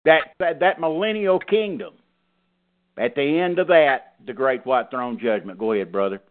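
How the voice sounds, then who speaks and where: A man preaching a sermon, folksy and emphatic, hammering on his key phrases. His voice sits at an ordinary middle pitch. The sound is narrow and phone-like. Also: normal speed. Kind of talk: sermon teaching.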